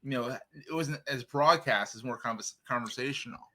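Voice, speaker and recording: A man hosts a casual podcast interview with a bright, forward voice. He jokes freely and quickly affirms what his guest says. His pitch sits in the middle range. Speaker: podcast host.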